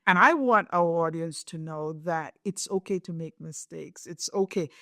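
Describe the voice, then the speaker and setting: A woman's voice: on the low side, moderate pace, pushed and bright, dry recording, studio quality. A middle-aged woman hosting a podcast, explaining in a reflective, conversational way and often checking in with "right?". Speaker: podcast host.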